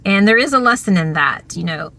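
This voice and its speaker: A woman vlogger telling a story from her school days in a chatty, animated way, full of fillers. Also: medium pitch, fairly quick. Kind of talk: casual storytelling.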